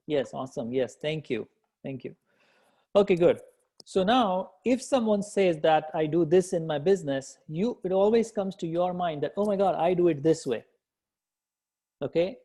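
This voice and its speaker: A man leads a live coaching session with a fairly high, mellow voice. He keeps encouraging his listeners, repeats his points and answers their replies as he talks. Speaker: business coach.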